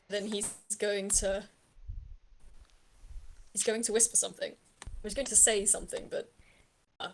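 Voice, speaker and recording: A woman narrating a tabletop game as game master from home, halting, with many pauses and restarts. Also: medium pitch, a little hiss or hum.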